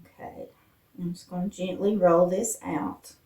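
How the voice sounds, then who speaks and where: A woman from Appalachia hosting a casual cooking vlog in her home kitchen, chatting homey with fillers, her voice a bit rough from morning. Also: fairly low pitch, steady tone, unhurried, a little mellow. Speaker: vlog host. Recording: roomy echo, distant mic.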